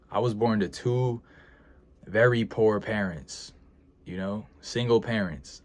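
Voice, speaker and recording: Deep-voiced man, earnest and emotional. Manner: earnest, emotional, repeats himself, sighs and hesitates. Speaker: freelance video editor vlogger. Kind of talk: reflective casual vlog talk.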